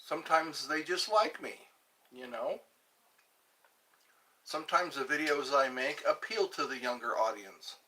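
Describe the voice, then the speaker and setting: A man hosting a casual livestream, chatting slowly and rambling while greeting viewers and answering comments as he eats. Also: medium pitch, expressive, bright, forceful tone. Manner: slow, rambling, chatty, restarts words, eating while talking. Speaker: livestream host. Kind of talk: casual live chat reading comments.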